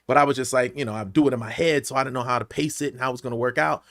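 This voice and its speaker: A man in his forties, a guest telling stories with animated energy and acting out the voices of the people in them. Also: medium pitch, racing. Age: 40s. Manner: acts out voices in his stories, rises to shouts at punchlines. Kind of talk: animated storytelling.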